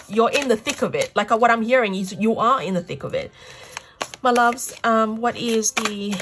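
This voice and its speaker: A woman's voice: mid-range voice, background noise. A woman giving a pick-a-card tarot reading, gushing and effusive, tearful with emotion as she talks to her viewers. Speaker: tarot reader.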